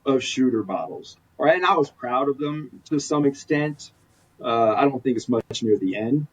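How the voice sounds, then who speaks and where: Husky man telling his story, distant mic. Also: medium pitch, animated, moderate pace. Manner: earnest, rambling with restarts. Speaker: podcast guest. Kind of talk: candid personal storytelling. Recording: distant mic, dull lo-fi sound.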